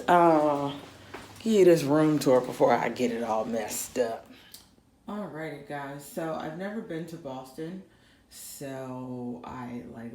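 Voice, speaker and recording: A woman's voice: low voice, dark tone, a little hiss or hum. A young woman giving a chatty, slangy hotel room tour in casual vlog style, with many fillers. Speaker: vlogger.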